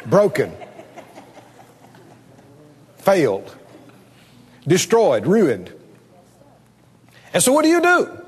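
A male preacher giving a sermon, animated, questioning his congregation and laughing often. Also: sits high, drawn-out words, pauses often, long reverb tail, a faint crowd.

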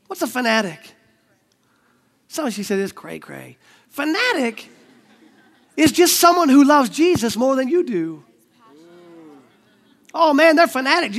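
High-voiced, energetic youth preacher. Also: male voice. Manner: energetic, slangy, often shouting. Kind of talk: sermon.

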